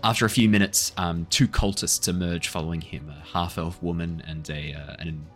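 A man's voice: low-pitched, fairly even intonation, moderate pace, soft background music. A man narrating as game master of a tabletop game in a casual, hedging way.

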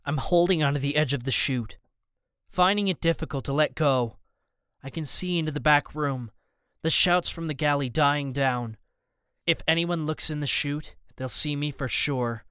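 A man narrating a tense first-person audiobook in a steady storytelling manner. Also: a little high, moderate pace, smooth, no room sound, studio quality.

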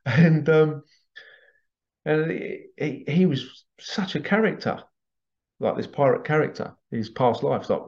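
A man's voice: on the high side, expressive, unhurried, a little mellow. A man, a past life regression practitioner, telling anecdotes in a chatty way, laughing often and acting out what his clients said. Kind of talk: casual anecdotal storytelling. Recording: dull lo-fi sound.

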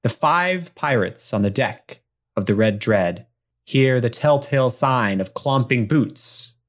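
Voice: mid-range voice, lively intonation, slow. A game master narrating a tabletop pirate scene with playful improvised storytelling. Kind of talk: tabletop role-play narration.

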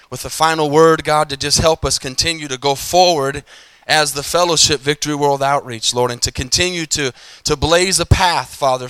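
Pastor storyteller, male, bright crisp voice, conversational sermon style. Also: a little high, dry recording. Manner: conversational storytelling preacher, playful asides. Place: church sanctuary.

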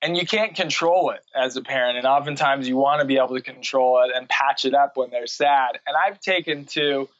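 A man's voice: medium pitch, fairly quick, hardly any pauses, a bit bright, no room sound. Man on a dull, dry recording. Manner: reflective, with frequent fillers and light laughter. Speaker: guest, writer and parent. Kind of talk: casual interview conversation.

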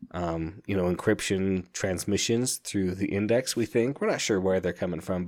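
A man's voice: low voice, a little mellow. A man hosting a podcast, giving a casual spoken book review and rambling with lots of "like" and "you know", earnest and fond of the story.

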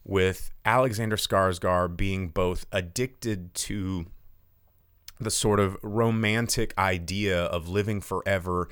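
A man's voice: deep voice, fairly even intonation, takes it slowly, fairly bright tone, clean tone, dry recording. A man hosting a live podcast, rambling and cursing casually through a movie plot recap from his home studio. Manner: rambling, profane, lots of fillers. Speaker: podcast host.

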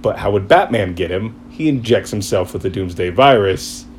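A man chatting casually, retelling a story in an excited, rambling way and acting out quotes. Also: fairly low pitch, moderate pace, slight background noise. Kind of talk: casual chat.

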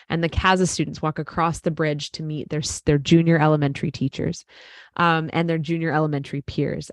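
A woman's voice: low-pitched, no room sound. A young Canadian woman chatting casually on a podcast, tired and yawning, rambling with lots of fillers and restarts. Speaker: co-host, school educator.

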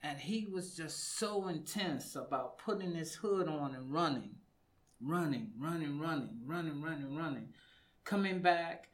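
A man, a fitness coach and studio guest, explaining exercise in casual radio talk and repeating words for emphasis. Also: a little high.

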